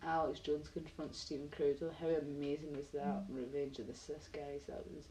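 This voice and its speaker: A woman's voice: low-pitched, little pitch movement, normal speed, dark tone, a little hiss or hum, rough recording. A Scottish woman live streaming, chatting bluntly and casually, swearing and reading out video titles as she goes. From Scotland.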